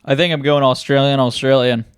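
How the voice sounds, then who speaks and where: A man co-hosting a podcast, chatting casually with a jokey, deadpan humor. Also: mid-range voice, fairly quick, clean tone. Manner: jokey, deadpan bits and silly put-on voices. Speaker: podcast co-host. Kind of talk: casual chat.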